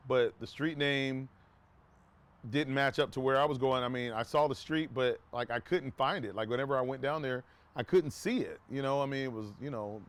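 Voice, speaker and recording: A man casually telling a personal story to his viewers, rambling with restarts and asides, and acting out quoted talk in a raised voice. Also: medium pitch. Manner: acts out quoted dialogue in a raised voice.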